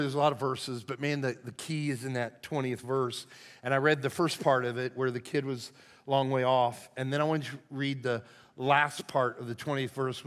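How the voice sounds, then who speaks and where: An older man, a lead pastor, preaching a sermon in a folksy, conversational way that swings from hushed to loud. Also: medium pitch. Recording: long hall reverb.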